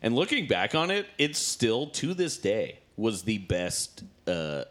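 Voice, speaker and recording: A man's voice: lowish voice, unhurried. A man in casual podcast chat, telling rambling stories and laughing often. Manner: rambling, animated storytelling with laughs.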